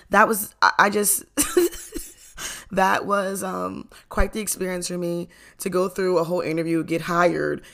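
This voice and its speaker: Gravelly, chatty young storyteller. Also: medium pitch, a bit bright. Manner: chatty, lots of fillers, frequent laughs and swearing. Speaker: storytime vlogger. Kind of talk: casual storytime.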